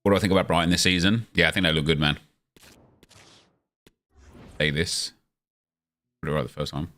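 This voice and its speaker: A man's voice: deep voice, very fast, a bit bright. A young man chatting casually on a live stream, answering viewer questions as he plays a football game.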